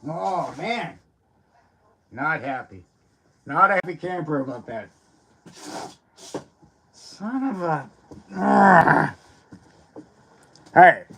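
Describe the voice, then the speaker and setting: A man's voice: fairly high pitch, expressive, very slow, creaky, long pauses, fairly bright tone, husky. Grumbling, rambling male livestreamer. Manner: rambling, grumbling, mild cursing. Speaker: livestream host. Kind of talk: casual livestream chat.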